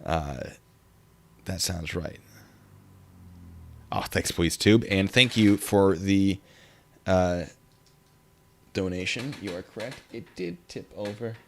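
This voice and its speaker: A man's voice: low-pitched, takes it slowly, long pauses, a little hiss or hum. A young man hosting a casual livestream, rambling and reading viewer comments aloud. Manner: rambling, reads chat aloud. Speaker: livestream host.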